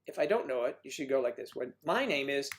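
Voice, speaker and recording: Male stream host, mid-pitched, loose and jokey, reads out viewer names and riffs on them. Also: big pitch swings, fast talker. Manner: playful, jokey, riffing on viewers' names and places. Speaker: livestream host. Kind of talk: casual chat reading viewer comments.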